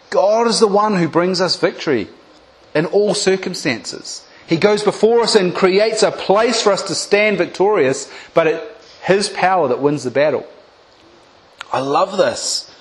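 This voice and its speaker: A man preaching a sermon, retelling a Bible story with lively acted-out voices and direct appeals to the congregation. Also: sits high, a little slow. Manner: animated storytelling, acting out biblical voices.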